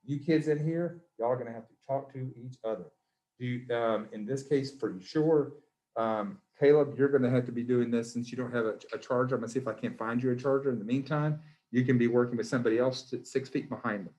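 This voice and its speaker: A man with a drawl teaches a biology class. He quizzes his students one by one in a playful, cheerful way, with an average-pitched voice. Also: brisk, warm tone. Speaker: high school biology teacher.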